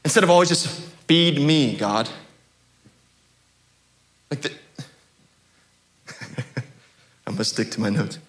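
A man's voice: medium pitch, lively intonation, slow pace, pauses often, fairly bright tone. A young adult male pastor preaching a sermon in a church, conversational and chuckling, with many fillers and restarts. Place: church sanctuary.

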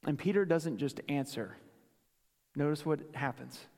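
Raised-voiced pastor preaching in a reverberant hall. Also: male voice, fairly high pitch, unhurried. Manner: dramatic, drops to a hush for emphasis; repeats phrases for weight. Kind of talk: sermon.

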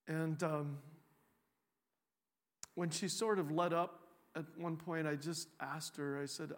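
Male pastor, conversational sermon delivery, lots of "um"s, a touch high-pitched, long church reverb. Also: flat delivery, measured pace, long pauses. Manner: conversational storytelling with many fillers and restarts.

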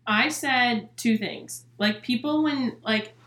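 A woman's voice: on the high side, slow pace, fairly bright tone. A young woman co-hosting a casual podcast, rambling answers full of "like". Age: young adult. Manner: rambling, heavy on "like". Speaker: podcast co-host. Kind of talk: casual chat. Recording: echoey room.

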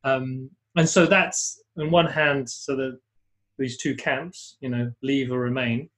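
Animated man thinking aloud. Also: medium pitch, slow pace. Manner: animated, full of restarts, reads out audience comments. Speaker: co-host of a live webinar. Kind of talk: casual discussion, thinking aloud.

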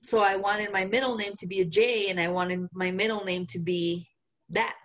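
A woman from Mexico co-hosting a podcast in casual chat, a little tipsy, talking in an animated way with plenty of swearing. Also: medium pitch, moderate pace. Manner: animated, swearing, laughing often. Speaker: podcast co-host.

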